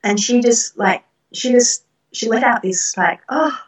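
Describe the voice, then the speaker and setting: A middle-aged woman recounts personal experiences in an interview, earnest and reflective, with soft laughs. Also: fairly high pitch, measured pace. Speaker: guest. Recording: roomy, distant from the mic.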